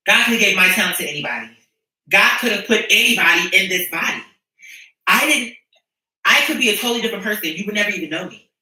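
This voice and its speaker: Bright-voiced man in an echoey room. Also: sits high, lively intonation. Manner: earnest, repetitive, spiritual, halting restarts. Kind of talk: emotional personal testimony. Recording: echoey room, distant mic.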